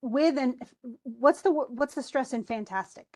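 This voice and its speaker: A woman's voice: sits high, normal speed. A woman teaching an English class, reading a poem aloud and then explaining its stresses with frequent restarts. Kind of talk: classroom lesson.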